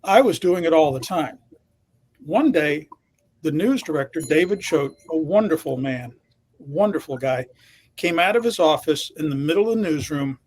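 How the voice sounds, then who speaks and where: A man's voice: on the high side, lively intonation, normal speed, darkish tone. A man in his sixties, a veteran TV reporter, telling a confident, emphatic story from his career. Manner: confident, emphatic anecdote teller. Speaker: TV reporter guest. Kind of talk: storytelling in interview.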